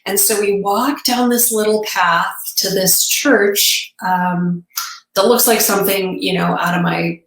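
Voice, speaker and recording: A woman guest on a podcast, telling a personal story in an earnest, reflective way with halting restarts. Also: mid-range voice, fairly even intonation, a bit bright. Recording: echoey room.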